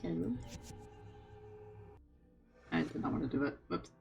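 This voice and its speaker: A man's voice: fairly high pitch, flat delivery, very fast, vocal fry, over music, poor audio. Chatty man streaming a game. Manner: chatty, reads game notes aloud, talks to himself. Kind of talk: casual let's-play commentary.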